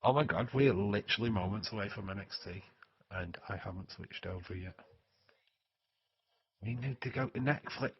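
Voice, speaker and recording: A man's voice: fairly low pitch, moderate pace, long pauses, husky, dry recording, lo-fi sound. A man with a Yorkshire accent hosting a casual, joking livestream and chatting to viewers with plenty of swearing. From Yorkshire, England. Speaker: wrestling stream host.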